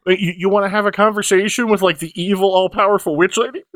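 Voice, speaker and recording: A man with a slightly raised speaking pitch talks through a tabletop game recap as a podcast co-host. He rambles into chatty asides and keeps quoting what the other players said. The recording is close and dry. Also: fairly even intonation, fast, a bit bright, no room sound.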